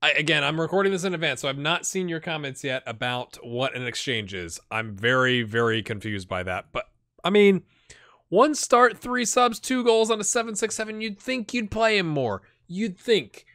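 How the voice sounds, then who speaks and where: A man's voice: a little high, lively intonation, normal speed, a bit bright. A man hosting a game channel, talking through a football management save in a rambling, chatty way and thinking aloud with lots of restarts. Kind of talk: casual gameplay commentary.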